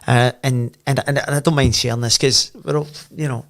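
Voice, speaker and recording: Scottish man telling lively football stories. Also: medium pitch, fairly quick, vocal fry. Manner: animated anecdotes, voice swells when telling the story. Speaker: podcast guest, former footballer. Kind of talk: casual storytelling chat.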